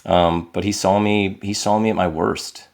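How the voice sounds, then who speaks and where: A man with a very low, deep voice speaks candidly as a podcast guest. He is earnest and reflective, and he lifts his voice when he acts out what people said. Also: steady tone, normal speed. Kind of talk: candid conversational storytelling.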